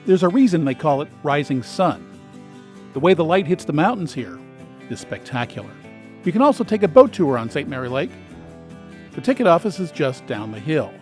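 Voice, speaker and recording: A man's voice: on the high side, sing-song, normal speed, soft background music. A man hosting a travel guide, giving scripted narration with dry, sarcastic asides.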